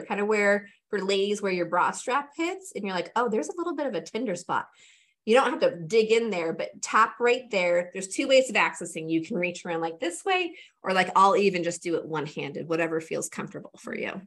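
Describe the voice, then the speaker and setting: Mid-range in pitch and a bit bright, this woman's voice belongs to an energy coach on as a guest. She talks through and shows a tapping routine step by step in a relaxed, conversational way, full of fillers.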